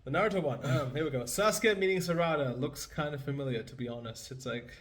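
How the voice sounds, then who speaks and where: A man hosting a casual meme review, joking and laughing often as he reacts. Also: a little high. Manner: laughs often, jokey, acts out quick silly voices. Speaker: host.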